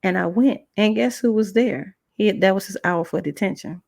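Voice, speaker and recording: Woman host, gravelly, dry close sound, animated storyteller with chatty asides. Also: medium pitch, moderate pace, no echo. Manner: animated, acts out quoted dialogue; casual, chatty asides to viewers. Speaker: podcast host. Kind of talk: personal storytime testimony.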